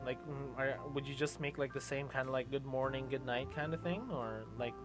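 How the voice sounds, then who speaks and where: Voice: mid-range voice, steady tone, a little fast, over music. A streamer hosting a casual chat, playful and laughing often, trailing off into fillers. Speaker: streamer host.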